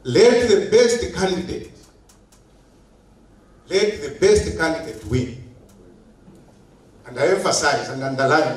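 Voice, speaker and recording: Slow, emphatic man in an echoey hall. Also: a little high. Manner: slow, emphatic, repeats key phrases. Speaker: government official giving an opening speech. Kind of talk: formal ceremonial speech. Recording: echoey hall, heard from a distance.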